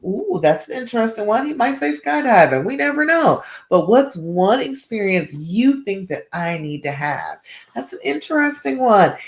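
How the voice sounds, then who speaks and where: A woman's voice: on the high side, very animated, normal speed. A woman relationship coach giving direct advice on a live stream, often checking in with her listeners. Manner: direct, keeps checking in with "all right?". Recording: roomy echo.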